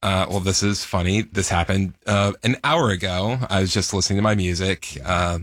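American male co-host, deep voice, dry close sound, easygoing storyteller. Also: moderate pace, no echo. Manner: relaxed storyteller, enthusiastic. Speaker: radio co-host. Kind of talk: casual chat.

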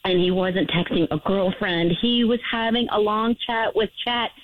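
A woman's voice: medium pitch, moderate pace, no room sound. A woman in her late twenties calling in to a radio show, rambling and apologetic, crying as she talks. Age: late 20s. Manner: rambling, apologetic, close to tears. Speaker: caller. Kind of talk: radio call-in confession. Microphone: phone. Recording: tinny phone line.

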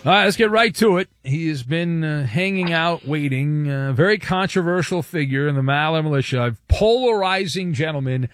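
Brief: male talk radio host, brash joker, high voice, faint music behind. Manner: brash, joking, quick asides. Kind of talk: casual radio talk show banter.

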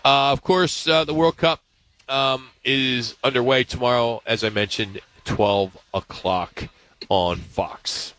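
Male sports radio host, mid-pitched, bright and forceful, upbeat news rundown. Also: steady tone, rough recording. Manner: reads news items in a brisk, upbeat way. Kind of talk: casual sports talk.

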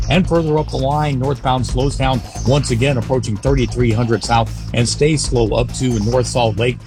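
A man reads off road delays briskly, in a matter-of-fact radio manner. Music plays clearly under the report. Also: medium pitch. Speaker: traffic reporter.

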